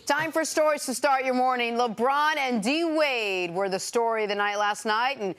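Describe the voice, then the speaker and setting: Brisk woman sports show host. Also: a little high, a bit bright. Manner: brisk, segue-driven.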